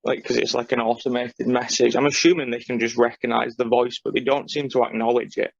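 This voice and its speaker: A man's voice: medium pitch, level tone, a little fast, creaky, no echo, lo-fi sound. A man co-hosting a podcast, explaining in a dry, matter-of-fact casual chat. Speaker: podcast co-host.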